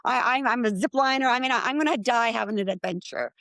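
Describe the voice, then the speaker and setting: Animated woman telling her story, dry sound. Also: fast, no echo. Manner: animated, acts out quoted voices with rising pitch. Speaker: guest. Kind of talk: casual storytelling.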